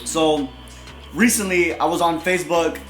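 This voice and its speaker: Profane high-voiced man, echoey room. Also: steady tone, a little slow, a bit bright. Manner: profane, repeats "right?" constantly; blunt and aggressive. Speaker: motivational video host. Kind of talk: casual motivational monologue. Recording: echoey room with music behind.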